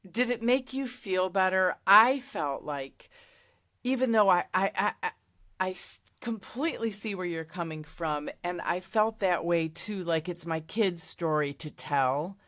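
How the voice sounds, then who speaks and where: Low-voiced, slow-talking woman interviewer. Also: lively intonation, no room sound, studio quality. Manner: warm, affirming questions. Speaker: interviewer, host. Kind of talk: empathetic interview questions.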